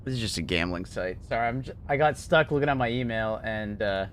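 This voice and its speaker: A man's voice: on the low side, brisk, a bit bright, a little hiss or hum. A man chatting casually to his live-stream viewers in a laid-back, slangy way, laughing often.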